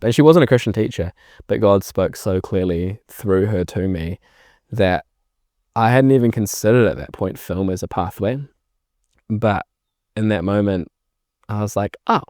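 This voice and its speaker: A young man with a New Zealand accent talks through his story as a podcast guest, voicing past conversations with lively emphasis. His voice sits fairly low, and the sound is dry and close. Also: normal speed, dry recording. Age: young adult. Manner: animated storyteller acting out remembered exchanges. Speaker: filmmaker guest. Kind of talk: casual podcast interview.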